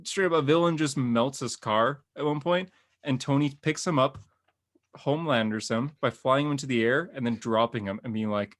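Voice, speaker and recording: A man hosting a podcast, chatting casually and excitedly about comic books, rambling with lots of filler words. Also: mid-range voice, normal speed. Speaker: podcast host. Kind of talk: casual comic book review chat.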